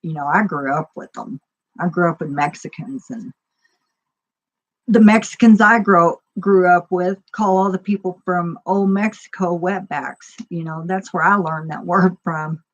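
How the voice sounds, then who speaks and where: A woman's voice: on the low side, lo-fi sound. A woman chatting casually as a stream host, rambling and laughing often. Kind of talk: casual chat.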